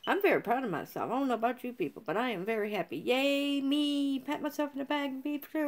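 A woman streamer giving excitable let's-play commentary, giggling, swearing freely and squealing when she wins. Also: high voice, a little fast. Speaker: gaming streamer.

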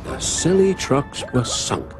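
Expressive male storybook narrator. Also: fairly high pitch, takes it slowly. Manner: expressive, lilting storyteller delivery. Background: music.

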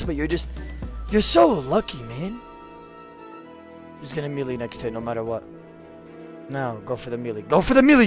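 A man streaming a game, talking casually with lots of swearing, trash talk and repeated phrases. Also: sits high. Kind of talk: casual live gameplay commentary.

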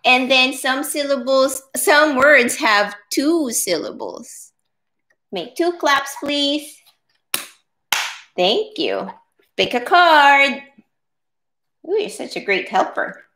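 A woman leads a preschool circle time in a slow, sing-song way, stretching her words for small children. Her voice is bright and slightly high, patient and encouraging. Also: lively intonation.

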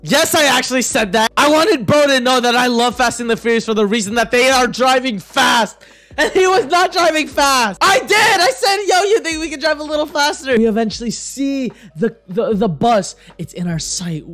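Young male vlogger, light high voice, animated storyteller, faint music bed. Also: moderate pace. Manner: animated storytelling, swinging from low mutters to excited shouts. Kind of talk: storytime vlog.

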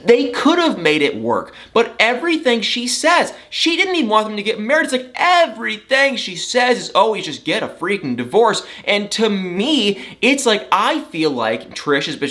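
A man with a bright, lively voice that swings all over the place. He rants sarcastically, in a casual, exclaiming gossip-vlog style. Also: on the high side. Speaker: celebrity gossip vlogger. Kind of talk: casual reality TV commentary.

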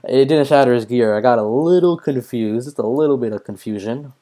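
Excitable young man streaming a game. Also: mid-range voice, fairly quick. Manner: excitable, swears often, reads chat aloud. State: hiccuping, clearing throat. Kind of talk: casual live-stream commentary.

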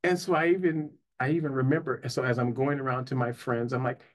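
A man with a mid-range voice and fairly even intonation talks fast as he shares his personal story; he's a psychotherapist and life coach. Earnest and conversational, he often says "you know" and asks "right?".

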